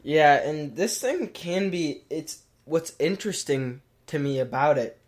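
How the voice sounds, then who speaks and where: A man's voice: fairly high pitch, animated, unhurried. A man co-hosting a casual tech podcast, rambling and thinking aloud with lots of "like"s. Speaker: podcast co-host.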